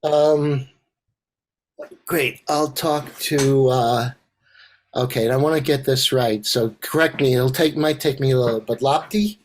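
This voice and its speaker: An older man facilitating an online empathy circle, talking in a halting way with many fillers and restarts. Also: mid-range voice, fairly even intonation. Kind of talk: casual online group discussion. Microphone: video call.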